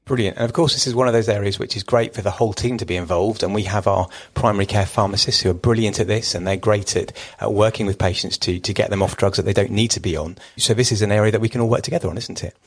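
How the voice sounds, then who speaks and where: A man co-hosting a casual medical podcast, jolly and quick to laugh as he talks. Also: on the low side, fairly even intonation, husky, low-quality recording. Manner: jolly, laughs easily while reading. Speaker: podcast co-host.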